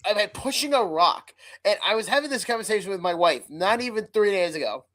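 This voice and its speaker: A woman co-hosting a casual podcast chat, teasing the others and laughing loudly and often. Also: medium pitch, lively intonation, brisk. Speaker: podcast co-host.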